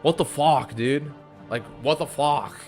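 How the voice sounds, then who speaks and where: A man's voice: a little high, unhurried, a little mellow. A young man from the US East Coast, a streamer chatting casually and swearing as he reads chat aloud. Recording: faint music behind.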